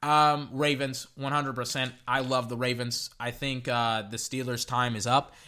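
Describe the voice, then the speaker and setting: A young man ranting through his weekend football picks in casual solo commentary, exasperated and jumping up and down in pitch. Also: level tone, measured pace, sharp tone, clean tone. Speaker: sports podcaster giving picks. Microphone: echoey metal can around the mic.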